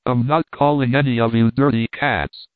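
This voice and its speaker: A man's voice: medium pitch, steady tone, moderate pace, no room sound, natural voice. A man doing a stammering, blustering young clerk. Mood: fierce. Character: nervous, blustering young male shop assistant. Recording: tinny phone-like dry sound.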